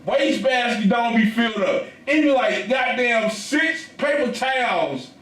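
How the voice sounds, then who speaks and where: A man co-hosting a podcast, telling stories in a casual, animated and profane way. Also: extremely high pitch, a little slow, echoey room, far from the mic, low-quality recording. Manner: animated, profane storytelling with laughs. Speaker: podcast co-host. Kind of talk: casual chat.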